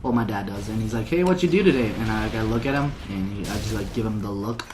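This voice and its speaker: A man with a lowish, steady voice talks fast over gameplay, telling a long, rambling story with "like" in almost every line. He laughs at his own story now and then, and background noise is present.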